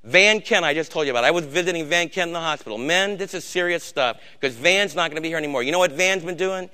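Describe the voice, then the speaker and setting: An older man with a gray beard preaching a sermon, urging his congregation and swinging between hushed warnings and shouted exhortation. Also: a little high, fast, smooth. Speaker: pastor.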